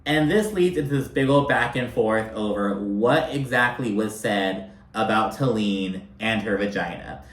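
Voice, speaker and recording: A man's voice: fairly low pitch, a little slow, hardly any pauses. Chatty, profane man in an echoey room. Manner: profane, chatty, filler-heavy with constant "like". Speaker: reality TV recap commentator. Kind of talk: casual commentary.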